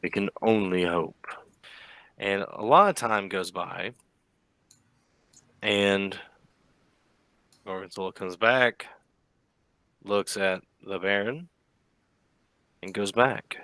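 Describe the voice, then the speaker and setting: A man narrating a tabletop game as game master, in a slow, measured storytelling manner. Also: lowish voice, sharp tone, no echo.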